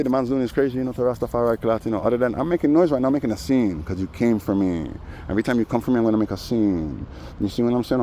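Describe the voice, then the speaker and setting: A man's voice: fairly low pitch, slight background noise. A man telling a heated street story in a casual rant, acting out what other people said to him. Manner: animated, acts out other people's lines. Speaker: vlogger.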